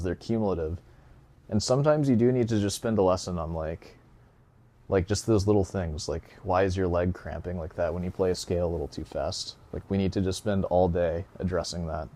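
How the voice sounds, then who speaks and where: Low-voiced man rambling through a podcast. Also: a little mellow, no room sound. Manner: rambling, joking, many fillers and laughs. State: slightly out of breath. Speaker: podcast host and classical guitar teacher. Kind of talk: casual solo podcast reading comments.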